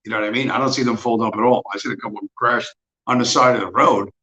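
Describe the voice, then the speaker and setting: A man's voice: mid-range voice, steady tone, racing, bright, forceful tone. A man in his fifties hosting a livestream, talking in a blunt, profane, mocking rant. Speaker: livestream host. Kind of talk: casual ranting monologue. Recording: roomy, dull lo-fi sound.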